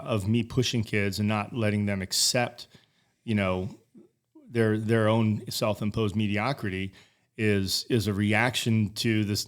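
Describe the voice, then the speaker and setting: A man in his forties talking casually as a podcast guest, rambling and swearing, with many restarts. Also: fairly low pitch. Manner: rambling, profane, frequent restarts. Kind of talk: casual conversation.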